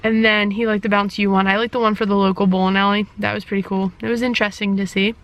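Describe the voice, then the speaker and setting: Woman, family vlogger, casual chat to camera, rambling with fillers, mid-pitched voice, handheld camera. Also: little pitch movement, quick pace, fairly bright tone.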